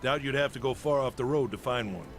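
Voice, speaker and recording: An actor playing a gruff male caravan master, a weathered frontier veteran who gives blunt, folksy warnings. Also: mid-range voice, fast, natural voice. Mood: practical. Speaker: caravan leader. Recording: game audio under music. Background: game music.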